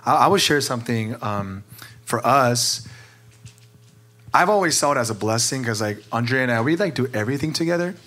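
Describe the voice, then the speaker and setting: A man's voice: medium pitch, lively intonation, a little fast, a bit bright. A man who is a pastor, sharing candidly and with emotion, filling his talk with "like". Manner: earnest, emotional, many "like" fillers.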